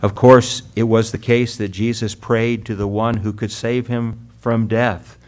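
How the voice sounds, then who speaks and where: A man preaching a sermon to his congregation, earnest, calling them friends and beloved, rising loud on key words and slowing down to read scripture. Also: fairly low pitch, flat delivery. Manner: earnest preaching, drops loud then soft for emphasis, slows on scripture. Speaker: pastor.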